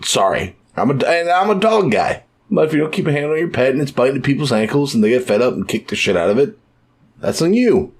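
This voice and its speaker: A man's voice: medium pitch, big pitch swings, fast talker. A young man co-hosting a podcast in casual chat, loose and profane, animating scenes with sudden voice shifts. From United States. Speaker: podcast co-host.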